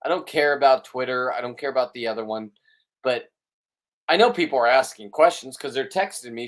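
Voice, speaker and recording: A man chatting straight to his viewers in a loose, off-the-cuff way, full of jokes and bragging. His voice sits at an ordinary middle pitch and he wanders from one thought to the next. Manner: joking, boastful, off-the-cuff. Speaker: vlog host. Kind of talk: casual rambling chat.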